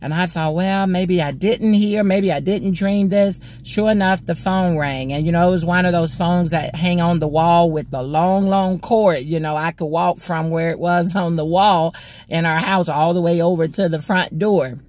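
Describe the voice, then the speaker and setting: A woman from Mississippi, a motivational speaker and ordained minister, telling a personal testimony in a slow, deliberate way. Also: fairly low pitch, darkish tone, a little hiss or hum.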